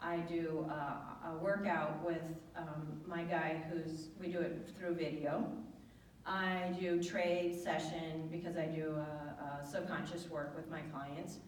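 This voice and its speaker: A woman speaking at a spiritual center, telling a lively personal story and acting out the dialogue in a raised voice. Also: takes it slowly, a little hiss or hum. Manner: animated storyteller, acts out quoted dialogue in a higher voice. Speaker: guest speaker. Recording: echoey hall from far off.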